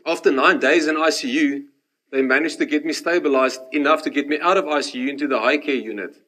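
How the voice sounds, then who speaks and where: A man, preaching a sermon and telling his own story, animated in the dramatic parts and hushed in the reflective ones. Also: on the high side, fast talker. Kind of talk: sermon with personal testimony.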